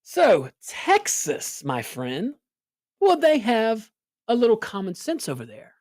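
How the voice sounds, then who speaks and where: Woman, sarcastic political talk host, lively swooping pitch, dry close mic. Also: takes it slowly, no room sound. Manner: animated, sarcastic, rhetorical questions. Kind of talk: casual political commentary.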